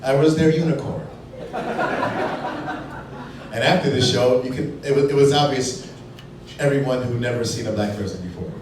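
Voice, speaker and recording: On a brew pub stage, a Chicago man with a mid-range voice performs stand-up in a wry, playful way, jumping quickly into put-on voices. The live bar recording is distant, echoey and noisy, with a crowd, audience laughter and bar noise behind him.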